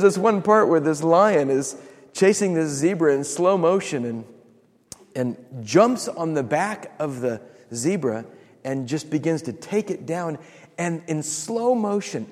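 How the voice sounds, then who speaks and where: A man's voice: a little high, animated, a little mellow. Storytelling male preacher, echoing hall. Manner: storytelling with dramatic pauses and laughs. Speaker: pastor. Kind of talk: sermon. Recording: long reverb of a large hall.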